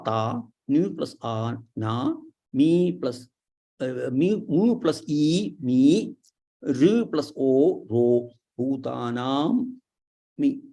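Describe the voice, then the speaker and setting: Man slowly teaching Sanskrit letter sounds. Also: medium pitch, gravelly, a little mellow, slightly rough. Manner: drawn-out syllables, many uh fillers.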